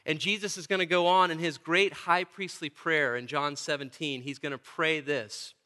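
A man's voice: a little high, steady tone, normal speed, sharp tone. A man preaching a sermon as pastor, emphatic and fond of repeating key phrases for stress.

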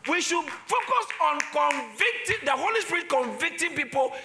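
Preacher, male, high bright voice that swoops widely, shouts key lines, repeats phrases. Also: big pitch swings, background noise. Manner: swings from low quick talk to loud shouted emphasis. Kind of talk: sermon.

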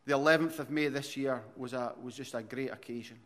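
A man's voice: medium pitch, fairly even intonation, fairly quick, hardly any pauses, fairly bright tone. A man in his forties with an Aberdonian Scottish accent, preaching a sermon as pastor with earnest, repeated restarts. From Aberdeen, Scotland. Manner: earnest preacher, frequent restarts, rises in volume when telling stories.

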